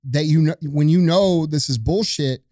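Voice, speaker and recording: A man's voice: a little high, normal speed, no echo, studio quality. A man co-hosting a podcast, ranting with profanity in casual talk. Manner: profane, forceful, preachy. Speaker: podcast co-host.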